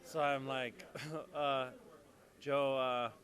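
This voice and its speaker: A man, a soap opera actor, telling a casual anecdote and acting out the loud quotes. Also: mid-range voice, drawn-out words. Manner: animated storytelling, acts out quotes loudly.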